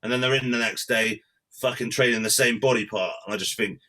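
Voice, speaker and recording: A man's voice: medium pitch, fairly even intonation, fairly quick, sharp tone. A man co-hosting a podcast, blunt and sweary, trading crude jokes in casual banter. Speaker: podcast host.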